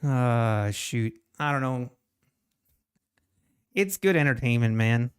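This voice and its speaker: A man's voice: medium pitch, slow, clean tone. A man streaming his trading live, talking to the chart and chatting with viewers between laughs.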